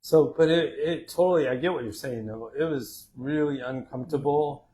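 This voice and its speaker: A man hosts a casual talk in a voice of ordinary pitch. He keeps things easygoing and chatty, tossing in jokey asides. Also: normal speed, warm tone. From Texas, USA. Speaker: host. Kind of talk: casual conversational interview.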